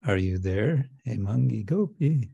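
A man hosting an online satsang, speaking gently and reassuringly over a video call. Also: fairly low pitch, expressive, unhurried, creaky, husky, no room sound, highs cut off. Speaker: spiritual teacher hosting a satsang.

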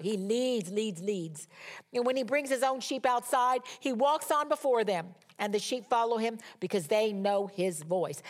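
A woman giving a conversational sermon as a Bible teacher, emphatic and repeating key words for stress. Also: fairly high pitch.

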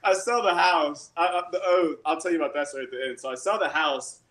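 A man telling fishing stories in a casual, excitable way, with lots of "like" and laughs. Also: a little high, fast talker. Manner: excitable, animated storyteller. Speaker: guest angler and realtor. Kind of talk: casual storytelling. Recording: roomy echo.

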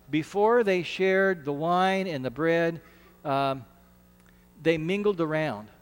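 With a notably high voice for a man, a pastor delivers an earnest, conversational sermon, stumbling and restarting phrases along the way. His tone is smooth, and a long reverb from the church sanctuary surrounds him.

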